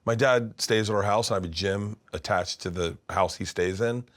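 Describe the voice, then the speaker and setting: Man, 50s, comedian guest, animated storytelling, somewhat low pitch. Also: moderate pace. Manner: rambling, animated, full of restarts. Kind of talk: casual storytelling. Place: his studio.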